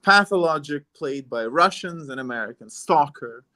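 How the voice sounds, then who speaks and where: A man's voice: on the high side, expressive, moderate pace, pushed and bright. A man from Italy hosting a podcast, rambling in a loose, conversational way. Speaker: podcast host. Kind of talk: casual podcast chat.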